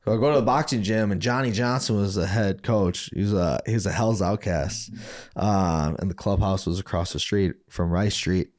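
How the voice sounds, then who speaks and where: A former fighter from Saint Paul, Minnesota, tells his story as a podcast guest, loose and profane. He laughs a lot and acts out other people's lines. His voice is on the low side and darkish, at a moderate pace.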